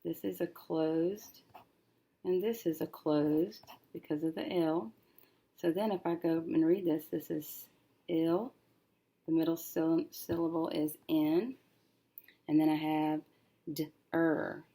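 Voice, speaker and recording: A woman teacher working through a syllable-division lesson, thinking aloud and slowly sounding out each syllable as she writes. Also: low voice, fairly even intonation, dark tone, husky. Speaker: reading teacher.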